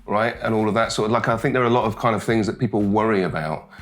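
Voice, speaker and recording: A man's voice: fairly low pitch, racing, faint music behind. A British man, a talk show guest, chatting casually and rambling with lots of "you know" and "like". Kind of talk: casual chat.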